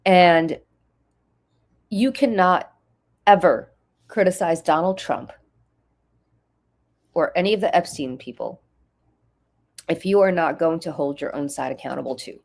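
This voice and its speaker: Impassioned, lower-voiced woman commentator. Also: a little slow, vocal fry, pauses often, darkish tone. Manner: emphatic, repeats key phrases for force; emotional, urgent. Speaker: political commentator and nonprofit leader. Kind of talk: impassioned talk-show commentary.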